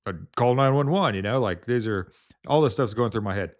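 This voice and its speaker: A man's voice: medium pitch, a little fast, highs cut off. Rambling man telling a story. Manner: rambling, heavy with fillers and restarts. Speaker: home health nurse. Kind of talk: casual storytelling to camera.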